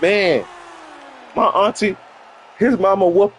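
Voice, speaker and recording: A man tells a comic story on his live stream, swinging from loud bursts to mumbled asides. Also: high-pitched, slow pace, husky. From New York.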